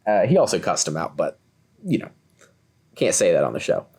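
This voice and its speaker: Lively young man telling a story. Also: low voice, fairly quick, breathy edge. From Kentucky, USA. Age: 20s. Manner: animated, acts out quoted voices. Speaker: podcast co-host. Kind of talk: casual storytelling.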